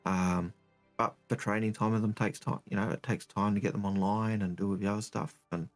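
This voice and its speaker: A man's voice: lowish voice, fairly even intonation, fairly quick, faint music behind. A man co-hosting a casual gaming podcast, who talks in a hesitant, repetitive way and turns blunt and heated when annoyed. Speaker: co-host.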